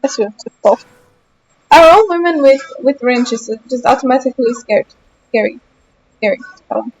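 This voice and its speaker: High-voiced young woman bantering on stream. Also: expressive, moderate pace, a little mellow, breathy edge, soft background music, poor audio. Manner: teasing, bantering, mock-indignant. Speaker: game streamer. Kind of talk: casual live-stream chat with viewers.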